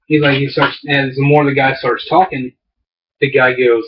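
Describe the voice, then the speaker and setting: A man's voice: medium pitch, steady tone, moderate pace. Man, podcast co-host, casual rambling storyteller, fillers and restarts, far from the mic, muffled lo-fi sound. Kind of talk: casual chat. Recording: distant, dull lo-fi mic.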